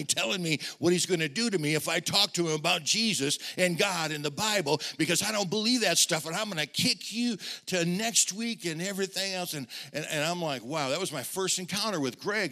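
A middle-aged male pastor preaching an animated storytelling sermon, often repeating words and speaking straight to the congregation. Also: sits high.

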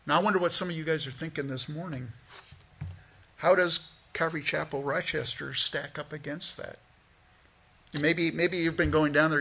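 A male pastor preaching a sermon in a church, talking conversationally with lively asides. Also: on the high side, normal speed, creaky, long pauses, husky. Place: church sanctuary.

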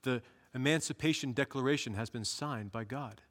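A man's voice: medium pitch, moderate pace, fairly bright tone, in a large hall. A male pastor preaching a sermon in an earnest manner, rising to emphatic bursts.

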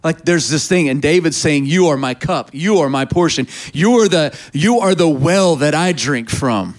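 A man's voice: on the high side, animated, normal speed. A man preaching a sermon, reading scripture aloud and urging the congregation to respond. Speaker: pastor.

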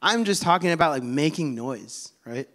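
A man's voice: fairly high pitch, lively intonation, normal speed, fairly bright tone. Conversational man preaching a sermon. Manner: conversational, with fillers and asides to the congregation.

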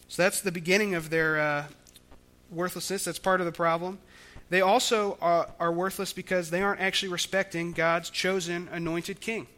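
A man's voice: sits high, fairly even intonation, fairly quick, bright, forceful tone. A man preaching a sermon, explaining scripture in a conversational way with frequent restarts. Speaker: pastor.

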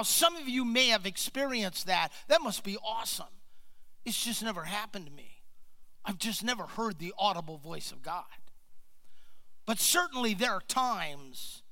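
A middle-aged pastor preaching in a high, bright voice. He takes his time over every phrase, telling earnest stories from his own life. At tender points his voice sinks into a hushed near-whisper. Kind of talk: sermon.

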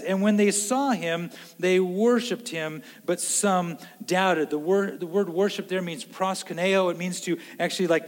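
A man preaching a sermon in an earnest way, swinging between loud emphasis and hushed low lines. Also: long reverb tail. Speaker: pastor.

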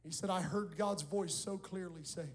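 A man's voice: high voice, moderate pace, a little hiss or hum. A man preaching a sermon as pastor, telling stories, quoting people and calling on the congregation to respond. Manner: animated storytelling, quoting others and calling on the congregation. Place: church sanctuary before a congregation.

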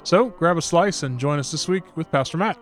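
A man's voice: a little high, a little fast, soft background music. A man, a pastor hosting a casual podcast chat who laughs easily. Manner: relaxed, chatty, laughs easily.

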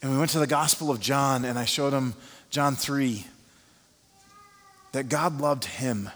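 A male pastor preaching a sermon as an animated storyteller who uses many fillers. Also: mid-range voice, unhurried. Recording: long reverb of a large hall.

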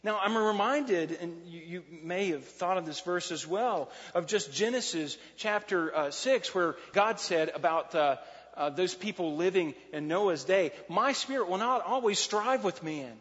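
A man's voice: high-pitched, a little slow, fairly bright tone. A man preaching a sermon as a pastor, in a folksy, conversational way with asides and restarts. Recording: dull, lo-fi sound with long hall reverb.

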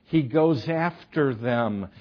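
A man preaching a sermon, telling a story with animated delivery that swings between loud emphasis and hushed asides. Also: medium pitch, slow, lo-fi sound.

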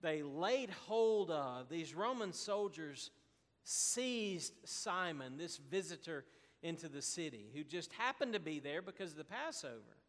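A man preaching a sermon as pastor, slow and deliberate with emphatic pauses. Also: on the high side, very animated, a bit bright, long reverb tail.

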